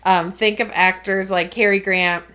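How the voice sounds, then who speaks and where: Female podcast co-host, casual and chatty, mid pitch, laughs easily while explaining. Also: steady tone, normal speed, sharp tone. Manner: chatty, laughs often, explains with many ums. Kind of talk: casual chat.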